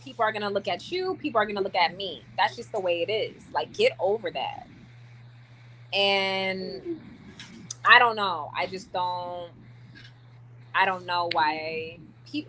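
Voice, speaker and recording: Brief: bright, forceful young woman, chatty vlogger, lots of fillers, faint ambience behind. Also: medium pitch, a little hiss or hum. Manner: chatty and animated, many likes and restarts. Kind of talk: casual chat to camera.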